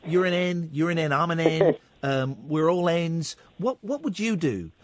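A man's voice: a little high, lively intonation, a little slow, slight background noise. A man putting on a New Zealand accent to play a careful, prim compliance lawyer. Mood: earnest. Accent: New Zealand, put on.

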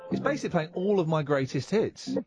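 A man's voice: a little high, lively intonation, fast, loud music behind the voice. A man hosting a radio phone-in, chatting casually and jokily, often stammering and restarting. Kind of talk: casual chat.

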